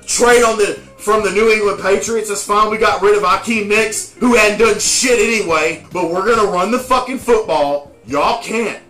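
A man's voice: sits high, moderate pace, hardly any pauses, bright, forceful tone. A man, a vlogger delivering a profane, taunting trash-talk rant as a football fan. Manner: taunting, crude, heated. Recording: roomy echo with faint music.

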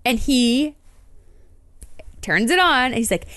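Animated woman telling a story. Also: a little high, slow pace, long pauses, no echo. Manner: animated, acts out quoted voices. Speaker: podcast co-host. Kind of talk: casual storytelling chat.

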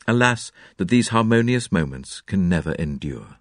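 A low-voiced man narrates a classic mystery with a highly animated, dramatic delivery. His pitch swings widely from line to line. The recording is dry and close. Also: normal speed, dry recording. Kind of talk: audiobook narration.

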